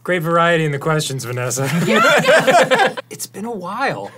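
Guy goofing around in a party game, laughs a ton, talks slow, noisy background. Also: fairly high pitch, animated. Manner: laughs a lot, playful and self-mocking. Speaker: co-host. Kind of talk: casual party-game banter.

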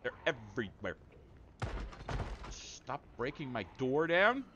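A man's voice: mid-range voice, slow, dull audio, background noise. A man streaming a multiplayer game live, talking to his chat and friends, exclaiming and laughing as he plays. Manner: excitable, exclaiming and laughing often. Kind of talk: live gameplay commentary.

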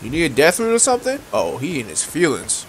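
A young man giving casual, excitable, slangy commentary while playing a game, talking straight to the enemies he fights. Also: fairly high pitch, fairly quick, slight background noise. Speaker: gaming video creator. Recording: voice over game music.

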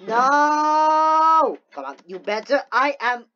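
A woman giving casual gameplay commentary, talking to herself excitedly and slipping into playful theatrical gloating. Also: medium pitch, unhurried, dull audio. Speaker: gaming video host.

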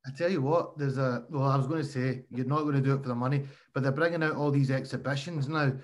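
A man hosting a podcast, asking relaxed, encouraging questions in casual conversation. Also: mid-range voice, fast talker. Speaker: podcast host. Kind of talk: casual interview.

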